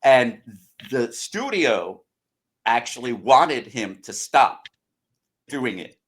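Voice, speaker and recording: A man's voice: mid-range voice, animated, slow pace, a bit bright. Rambling American man talking movies. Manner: long, rambling explanations. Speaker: podcast co-host or guest. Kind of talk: casual film-discussion chat.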